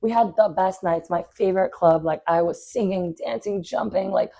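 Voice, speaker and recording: A young woman co-hosting a podcast, telling a story in a casual, animated way, packed with fillers and swearing. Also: medium pitch, moderate pace, gravelly. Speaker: podcast co-host.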